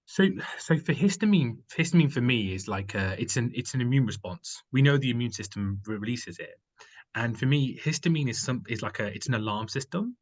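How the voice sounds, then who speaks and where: A man's voice: medium pitch, lively intonation, fairly quick, rough recording. A man from the United Kingdom, a company founder who is a guest, telling his story in casual conversation, rambling with many fillers and restarts.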